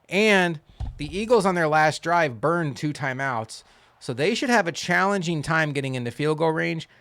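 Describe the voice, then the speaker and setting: A man giving casual commentary while playing a football video game, wry and quick to complain, then cheering loudly on big plays. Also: fairly high pitch, no echo. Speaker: gaming channel host.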